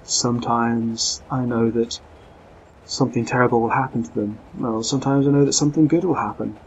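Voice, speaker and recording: A man's voice: medium pitch, fairly even intonation, unhurried, lightly acted. A man putting on a flustered, stammering lady seer. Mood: urgent. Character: fretful fashionable woman of middle age with premonitions. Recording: dull lo-fi sound, faint noise.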